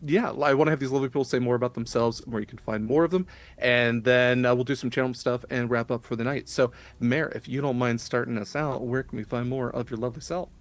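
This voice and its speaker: A man narrating a tabletop role-playing game as game master, slow and deliberate with pauses. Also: medium pitch, fairly even intonation.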